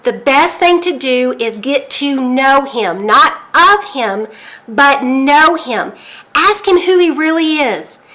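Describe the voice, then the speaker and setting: A woman from the United States recounting a dream as an earnest spoken testimony, halting and restarting, then pressing urgent warnings. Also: high-pitched, animated, bright, forceful tone. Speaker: prophetic dream teller.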